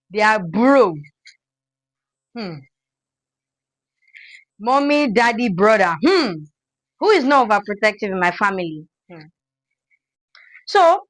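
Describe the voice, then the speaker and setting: A young woman with a Nigerian accent, telling a storytime vlog in an animated, dramatic way and acting out the scenes. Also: medium pitch, dry recording, rough recording. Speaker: vlogger.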